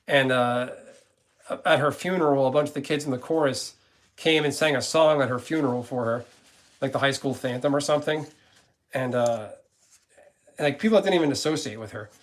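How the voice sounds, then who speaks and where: A man's voice: mid-range voice, a little fast, long pauses. A man streaming from his gaming channel, chatting casually with viewers in a rambling, blunt way and cursing freely.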